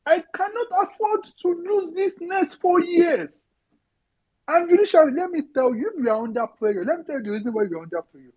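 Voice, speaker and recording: A woman's voice: very high-pitched, animated, brisk, darkish tone, highs cut off. A woman with a Nigerian accent who mixes in Yoruba, making an impassioned, near-tearful political appeal, pleading and swearing. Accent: Nigerian, mixing in Yoruba. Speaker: audio-room participant.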